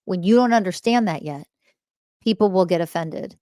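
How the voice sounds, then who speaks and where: A woman spiritual teacher hosting her podcast, confrontational and emphatic, swearing freely and pressing the listener with rhetorical questions. Her voice sits fairly low for a woman, recorded dry and close with no room sound. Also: moderate pace, mellow, no echo. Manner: repeats key phrases for emphasis. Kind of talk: blunt spiritual teaching monologue.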